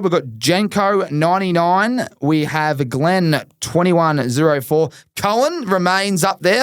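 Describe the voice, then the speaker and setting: An Australian man co-hosts a casual footy podcast. His voice sits a little high, and he talks in a chatty, slangy way and laughs often. The sound is dry and close to the mic. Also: clean tone, no echo. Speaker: podcast co-host.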